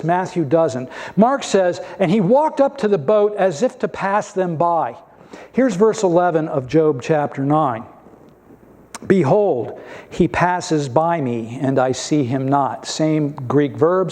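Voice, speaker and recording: A man's voice: fairly high pitch, a little mellow. A male pastor preaching a sermon in a conversational, emphatic way, asking many rhetorical questions.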